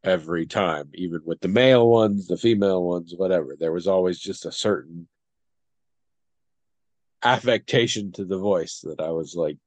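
A man's voice: deep voice, normal speed, a little mellow, no room sound. Man, casual chat, thoughtful, hesitant, dry close sound. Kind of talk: casual discussion.

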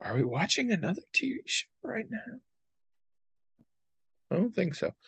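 A man's voice: high voice, very animated, moderate pace, vocal fry, a bit bright, slightly rough, no room sound. Man, podcast host, casual and wry, lots of filler, dead-dry close mic. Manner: rambling, wry, many fillers. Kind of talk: casual chat.

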